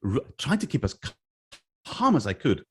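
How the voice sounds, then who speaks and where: Animated man telling stories. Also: mid-range voice, moderate pace, husky. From Scotland. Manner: animated, acts out quoted voices. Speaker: interview guest. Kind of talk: casual storytelling.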